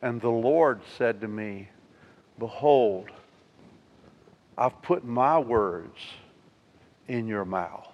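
Male pastor, measured unhurried delivery, animated scripture readings. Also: mid-range voice, muffled recording, a little hiss or hum. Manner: animated, acts out scripture with rising emotion. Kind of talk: sermon. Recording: long church reverb.

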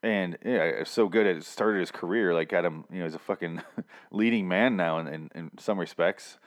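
Profane rambling man recapping a show. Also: sits low. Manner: profane, rambling, quick to act out characters' lines. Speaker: TV episode recap host. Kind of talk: casual episode recap.

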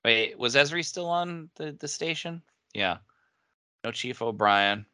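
Bright-voiced chatty man, dry sound. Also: mid-range voice, expressive, measured pace, clear, resonant tone, no echo. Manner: laughs often, chatty and enthusiastic. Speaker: podcast co-host. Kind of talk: casual chat.

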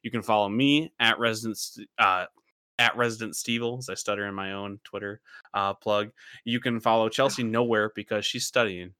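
A man's voice: lowish voice, fairly even intonation, moderate pace, bright, forceful tone, smooth, no echo, clean studio sound. A young man hosting a casual podcast chat, rambling with many fillers and frequent laughs. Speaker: podcast host.

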